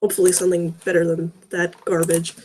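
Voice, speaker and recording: A woman's voice: lowish voice, flat delivery, fast, a little mellow, slight background noise. A woman reading fan fiction aloud with sarcastic, groaning asides. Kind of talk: mocking dramatic reading with commentary.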